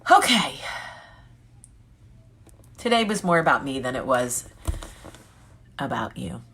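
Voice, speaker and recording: A woman's voice: extremely low pitch, big pitch swings, takes it slowly, a bit bright, slight background noise. A woman in her forties hosting a casual live chat with viewers, joking candidly and answering their comments. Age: 40s. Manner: candid, joking and chatty, reading comments aloud. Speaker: vlog host.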